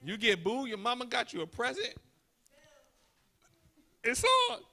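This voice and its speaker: A man doing stand-up comedy on a live stage, teasing the crowd loudly and then dropping into hushed asides. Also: very high-pitched, expressive, a little slow, gravelly. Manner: loud, teasing, swings from shouting to hushed asides.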